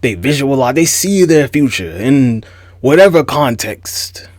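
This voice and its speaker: A young adult man hosting a casual, profane commentary rant, animated and incredulous. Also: mid-range voice, unhurried, no room sound, clean studio sound. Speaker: host.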